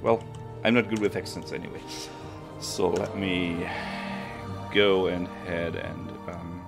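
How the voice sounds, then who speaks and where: Man, gaming commentary, very low gravelly voice, game music underneath. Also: little pitch movement, slow. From Germany. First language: German. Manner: thinking aloud, self-correcting. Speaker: let's play streamer. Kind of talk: casual gameplay commentary.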